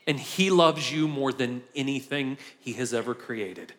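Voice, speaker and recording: A man's voice: medium pitch, a little slow, hardly any pauses, fairly bright tone. Man preaching in a reverberant hall. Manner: conversational preaching that builds to impassioned peaks. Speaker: pastor. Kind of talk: sermon. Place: church sanctuary.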